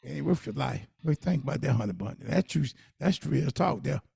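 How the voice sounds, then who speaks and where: Co-hosting a podcast, a middle-aged man tells stories with emphatic, animated energy, his gravelly, rough voice pitched high for a man and swinging widely in dialect speech. He talks briskly, giving casual conversational advice. The recording is dry and close.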